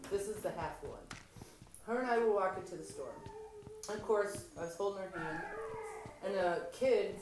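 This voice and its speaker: A woman telling blunt, profanity-laced stories in a casual chat, animated when retelling. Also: mid-range voice, normal speed, long pauses. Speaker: mother telling stories while gaming. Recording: echoey room, far from mic, background noise.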